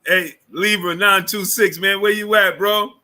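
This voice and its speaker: A man with a very bright, sharp-edged voice hosts a casual sports livestream. He greets chatters one after another and leans on fillers and repeated phrases. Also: high voice, steady tone, a little slow. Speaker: livestream sports show host. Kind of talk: casual live chat reading viewer names.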